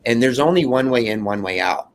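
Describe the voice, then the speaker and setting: A man giving an emotional first-person account of surviving a fire, in an earnest, halting way with many restarts. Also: medium pitch, expressive.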